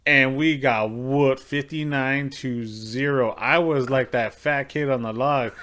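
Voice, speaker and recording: A man's voice: mid-range voice, steady tone, slow, a bit bright. A man co-hosting a podcast, chatting casually about sports, often repeating words and correcting himself. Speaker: podcast co-host. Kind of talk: casual chat.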